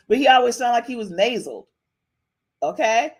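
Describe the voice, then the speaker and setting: A woman's voice: fairly high pitch, moderate pace, darkish tone. Chatty woman podcast host. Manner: chatty, repeats phrases, frequent "okay?" tags. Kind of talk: casual live-stream commentary.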